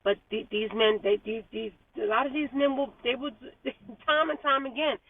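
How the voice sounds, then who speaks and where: High, husky woman talking in her car, animated car-vlog chat, thin phone-like sound from a little off mic. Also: moderate pace, no echo, recorded from a distance. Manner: animated, chatty, laughing, repeats words. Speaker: vlogger. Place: car in traffic.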